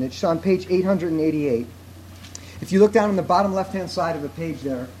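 A man preaching a sermon to a seated congregation, in a measured, conversational way that puts questions to his listeners. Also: a little high, darkish tone, recorded from a distance. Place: church hall with seated congregation. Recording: echoey room, faint background noise.

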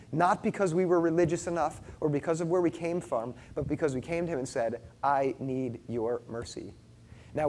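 A middle-aged male pastor giving an earnest sermon, telling a personal story, shifting between loud and hushed. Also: on the high side.

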